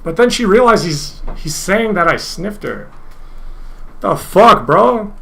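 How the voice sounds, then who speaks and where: A young man talking on a casual livestream, his voice pitched high and bright. He rambles freely, swears constantly and now and then breaks into loud, exasperated outbursts. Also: very animated, slow, vocal fry. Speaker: streamer.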